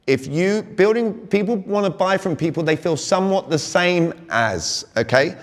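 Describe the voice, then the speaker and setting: A man's voice: sits high, moderate pace. British man, coach with hall reverb. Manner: energetic, fires rhetorical questions at the crowd. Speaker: communication coach speaking to a sales audience. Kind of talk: live seminar talk. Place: large hall with an audience.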